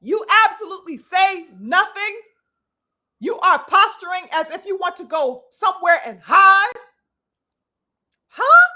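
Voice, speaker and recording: Calling her audience brothers and sisters in the manner of a preacher, a woman delivers a boxing commentary rant live. Her very high voice is bright, sharp and expressive at normal speed, loaded with profanity and piled-up rhetorical questions.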